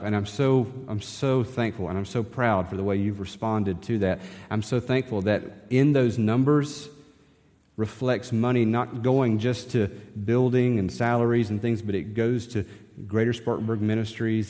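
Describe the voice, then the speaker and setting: This pastor has a lowish voice with a dark tone. Speaking conversationally from the church sanctuary, he asks the congregation rhetorical questions again and again, and long hall reverb trails his words.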